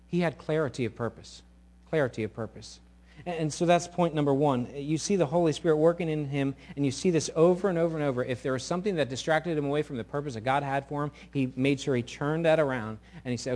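A middle-aged male pastor preaching a sermon, animated and sometimes acting out quoted voices loudly. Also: fairly high pitch, quick pace.

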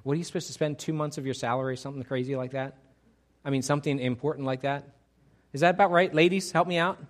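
A man preaching a sermon as pastor, animated, moving from quiet asides to loud excited outbursts. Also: mid-range voice, fast talker.

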